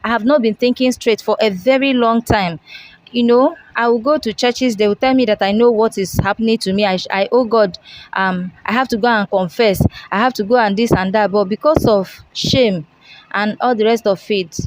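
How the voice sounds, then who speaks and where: A woman's voice: a little high, moderate pace, rough recording. A young woman, giving a long earnest confession and acting out the dialogue as she tells it. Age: young adult. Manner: storytelling, acts out dialogue, earnest. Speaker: interviewee confessing.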